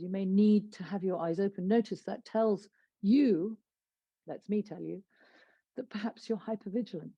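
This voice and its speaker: A woman with a lowish, warm voice leads a yoga class, calm and deliberate as she talks students through breath holds and body locks. She is a therapist, and her gentle delivery sometimes sinks to a soft whisper. The sound is close and dry, with no room around it. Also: dry recording. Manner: slow, soothing instructions, drops to soft whispers.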